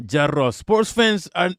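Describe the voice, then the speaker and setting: A man's voice: a little high, a bit bright, no echo, studio quality. A man hosting a live stream, reacting to news and talking back to chat in a blunt, profane, joking way, often repeating himself. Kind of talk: casual live-stream commentary.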